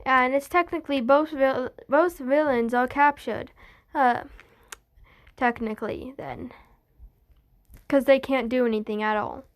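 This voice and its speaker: A woman's voice: high voice, a little slow, pauses often. A woman narrating an improvised fan story, rambling and hesitant, correcting herself as she goes.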